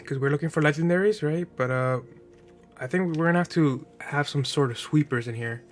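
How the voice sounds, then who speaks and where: A man's voice: fairly high pitch, brisk, a little hiss or hum. A man casually thinking aloud as he builds a card game deck, sounding a little nasal from allergies and often checking in with "right?". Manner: chatty, thinking aloud, frequent fillers and rhetorical "right?". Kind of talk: casual gameplay commentary.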